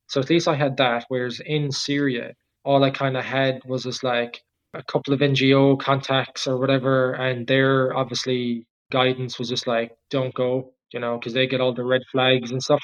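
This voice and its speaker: A man in his thirties with an Irish accent, a guest cyclist telling his travel story in a relaxed, rambling way, full of "like" and "just". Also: mid-range voice, muffled recording. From Ireland. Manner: rambling, filler-heavy, with frequent "like" and "just". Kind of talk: casual storytelling interview.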